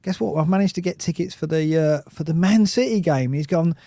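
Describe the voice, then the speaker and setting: Man, football podcast co-host, casual chat, slightly high voice, dry sound. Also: fairly quick, warm tone, no room sound. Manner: chatty, laughs easily, restarts sentences.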